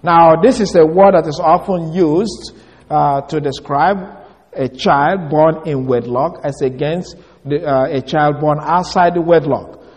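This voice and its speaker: A man giving an expository Bible teaching, reading verses slowly and spelling out Greek words letter by letter. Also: on the high side, a little mellow. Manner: slow, emphatic reading of scripture. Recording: long hall reverb.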